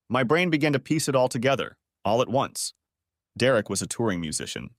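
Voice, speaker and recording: A man's voice: lowish voice, lively intonation, fairly quick, dry recording, clean studio sound. Dramatic man narrating a story. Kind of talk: scripted first-person story narration.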